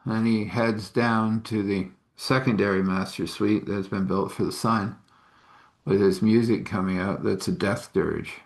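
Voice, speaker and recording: A man's voice: lowish voice, steady tone, a little slow, gravelly. A man casually telling a story, rambling with conversational asides.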